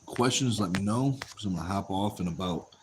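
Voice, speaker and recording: A man with a low voice hosts a casual livestream, reading viewer comments aloud and answering them in an easygoing way, often repeating a phrase. He talks fairly quickly, with background noise behind him.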